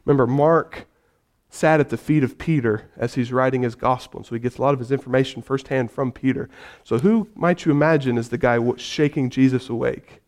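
Speaking a little fast at medium pitch, a male pastor delivers an animated sermon. He swings between quiet, gentle moments and loud, vivid stories.

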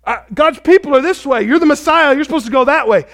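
A man's voice: extremely high pitch, fast talker, fairly bright tone, pitched above the performer's own voice. A preacher voicing a baffled male disciple who questions where they are going. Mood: puzzled. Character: puzzled, protesting male disciple.

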